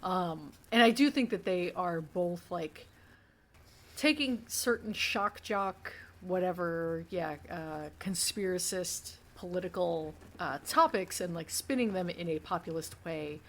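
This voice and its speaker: A young woman co-hosting a podcast in easygoing conversation, her voice sitting somewhat low. She rambles through her points with plenty of fillers and restarts. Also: a little slow, a bit bright. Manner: chatty, rambling, many fillers. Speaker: podcast co-host. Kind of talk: casual chat.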